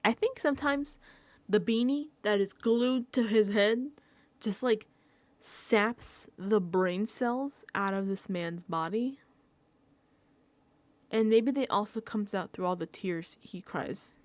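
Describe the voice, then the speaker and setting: A woman's voice: mid-range voice, takes it slowly, no echo. A young woman giving a sassy, gossipy recap of a reality show, acting out quotes from the contestants. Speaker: recap vlogger.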